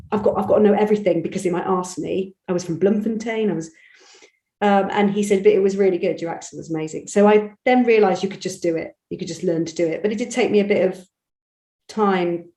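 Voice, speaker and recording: A woman from Bristol with a Bristol accent, an audiobook narrator chatting animatedly in an interview, telling stories with quick restarts. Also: fairly low pitch, warm tone, roomy sound. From England. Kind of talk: conversational interview.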